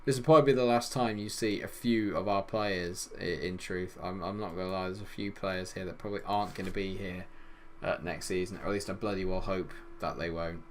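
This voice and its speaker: A young man commentating on his football management game, swinging between loud exasperation and low grumbling. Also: fairly even intonation, brisk, slight background noise. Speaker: gaming YouTuber.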